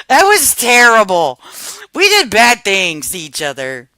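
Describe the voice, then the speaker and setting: A woman's voice: on the high side, big pitch swings, slow pace, bright, forceful tone, no room sound, rough recording. Woman, 50s, livestream host, casual chat, profane, laughing storyteller, dry close sound.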